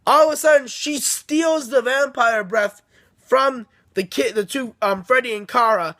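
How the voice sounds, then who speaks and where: A man's voice: extremely high pitch, unhurried, pushed and bright. A man casually recapping a story for his viewers, rambling with many restarts and often checking in with "okay?". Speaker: book reviewer.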